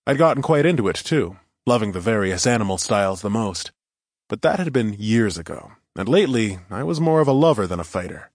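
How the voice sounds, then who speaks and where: A man with a low-leaning, sing-song voice narrates a first-person audiobook briskly, in a wry, conversational way. The recording is dry and close, with no room sound.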